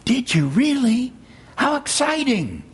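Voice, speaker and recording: Storybook boy, keen and cheerful, high lively voice, as a male reader does him. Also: measured pace. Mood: eager. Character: eager, cheerful young boy.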